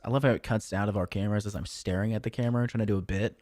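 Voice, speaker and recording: A young man casting a collegiate esports match, excited and joking, sounding tired. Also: on the low side, rapid-fire, few pauses, dry recording, clean studio sound. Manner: excited, jokey, rambling. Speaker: esports caster. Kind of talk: esports commentary.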